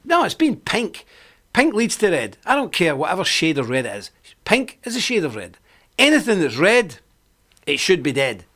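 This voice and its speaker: A man's voice: high-pitched, wildly swooping pitch, moderate pace, fairly bright tone. A man hosting a live online report, delivering a combative, preachy monologue and repeating his points for emphasis.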